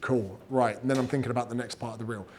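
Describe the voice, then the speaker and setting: A man giving casual, energetic advice on growing an audience, swearing freely and acting out what people say. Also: mid-range voice, quick pace, a little hiss or hum. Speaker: fitness and business coach giving creator advice. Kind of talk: casual talk, teaching.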